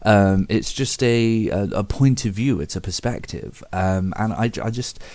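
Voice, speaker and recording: A man's voice: on the low side, measured pace, darkish tone, no room sound. A man hosting a casual video about a favorite book, rambling with many fillers and restarts and laughing at himself. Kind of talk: casual spoken book commentary.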